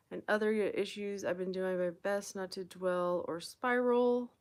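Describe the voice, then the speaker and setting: A woman's voice: mid-range voice, steady tone, a little slow, hardly any pauses. A woman hosting a live question-and-answer stream as a manifestation coach, talking bluntly and emphatically, swearing freely as she encourages viewers. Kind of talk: casual live-stream advice, reading viewer comments.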